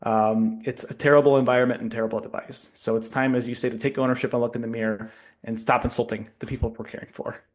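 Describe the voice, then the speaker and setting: Give me an animated man in casual podcast talk, with a middle-pitched voice. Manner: animated, jokey, quick to laugh. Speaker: pharmacist and podcast co-host.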